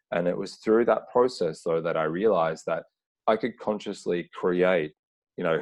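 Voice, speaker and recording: A man with a very low, deep voice talks as a guest on a podcast call. He is earnest and reflective, and he searches for his words with frequent "like" fillers. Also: a little mellow. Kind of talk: reflective conversational talk. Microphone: remote call.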